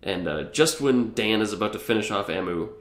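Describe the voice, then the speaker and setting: A man's voice: lowish voice, lively intonation, a little fast, a bit bright, roomy sound. A man co-hosting a podcast, rambling through a plot recap in casual chat. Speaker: podcast co-host.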